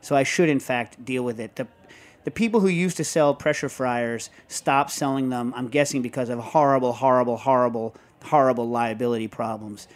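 A man hosting a casual talk show, rambling and animated, often breaking into show tunes. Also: medium pitch, moderate pace. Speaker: host. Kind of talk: casual chat.

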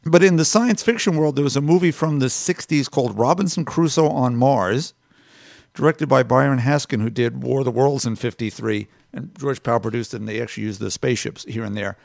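Man, podcast co-host, casual chat, enthusiastic rambling storyteller, mid pitch, dry close mic. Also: brisk, gravelly, darkish tone, dry recording.

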